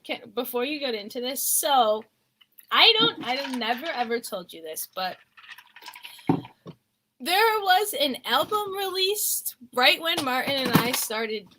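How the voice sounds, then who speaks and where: Chatty bright-voiced young woman. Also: high-pitched, very animated, unhurried, slight background noise. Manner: chatty and rambling, laughs often. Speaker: co-host of a clothing resale channel. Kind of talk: casual live-stream haul chat.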